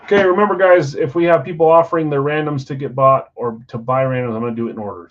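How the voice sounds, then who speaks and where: A man's voice: on the low side, muffled recording. Chatty man rattling off names. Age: adult, married. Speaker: card break host. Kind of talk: casual live-stream chat. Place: basement card room.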